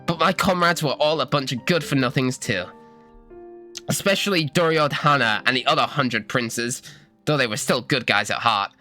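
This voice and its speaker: A streamer voicing a remorseful male warrior servant, reading game dialogue aloud in a lowered, subdued voice. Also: moderate pace, bright, forceful tone, faint music behind, close to an everyday voice. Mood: rueful.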